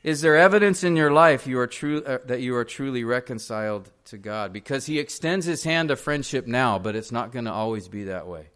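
A man's voice: medium pitch, brisk, hardly any pauses, fairly bright tone, clean tone. A male pastor preaching a sermon in a church, earnestly pressing direct questions on the congregation.

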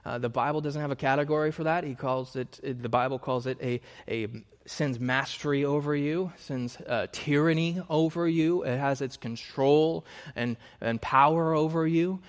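A man's voice: on the high side, normal speed, in a large hall. A man preaching a sermon in an earnest, emphatic way, hammering points through repetition and correcting himself mid-sentence.

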